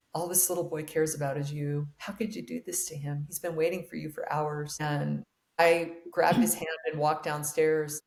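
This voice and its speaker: A woman's voice: deep voice, creaky. Earnest woman telling her life story, echoey room. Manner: earnest, emotional storytelling with quoted dialogue. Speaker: podcast guest. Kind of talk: personal storytelling interview.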